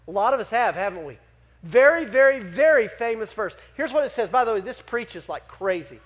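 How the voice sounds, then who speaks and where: A man with a notably high voice preaching to his congregation. He is animated and keeps firing questions at the crowd to draw them in. His delivery swings between punchy emphasis and quieter explaining. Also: fairly quick. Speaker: pastor. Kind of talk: sermon.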